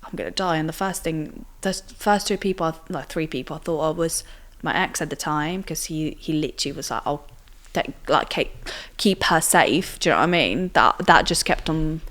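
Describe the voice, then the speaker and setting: A woman's voice: sits low, normal speed, fairly bright tone. A young woman, telling her own story as an interview guest in a chatty way full of fillers and tag questions. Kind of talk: casual personal storytelling.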